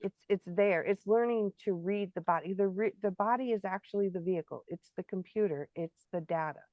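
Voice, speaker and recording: A woman co-hosting a live spiritual Q&A, talking reflectively and pausing to search for words. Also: mid-range voice, no room sound. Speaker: spiritual workshop co-host. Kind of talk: live Q&A discussion. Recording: dull lo-fi sound.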